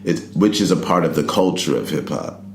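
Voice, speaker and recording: Very deep gravelly man, laid-back storytelling. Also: fairly quick, a little hiss or hum. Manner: laid-back, rambling, lots of "you know" and "like". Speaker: interview guest, poet and rapper. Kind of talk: casual interview storytelling. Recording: roomy recording with faint ambience.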